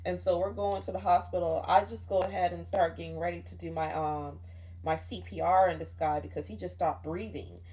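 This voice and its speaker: A woman's voice: lowish voice, fairly even intonation, brisk, warm tone. A young woman telling a dream story in a casual, rambling way, swearing often and saying "like" a lot. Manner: rambling, profane, frequent "like" fillers. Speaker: vlogger recounting a dream.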